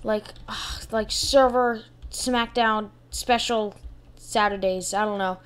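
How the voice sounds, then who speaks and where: A woman giving live gameplay commentary as a channel host, excitable and full of exclamations, muttering to herself between bursts. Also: mid-range voice, slow, clear, resonant tone.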